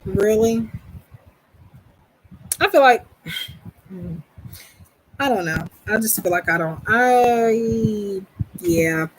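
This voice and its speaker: A woman's voice: on the high side, lively intonation, very slow, pauses often, rough recording. Chatty Southern woman on a live stream. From Southern United States. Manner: rambling, chatty, self-deprecating, with many restarts. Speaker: psychic reader hosting a live stream. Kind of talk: casual live-stream chat.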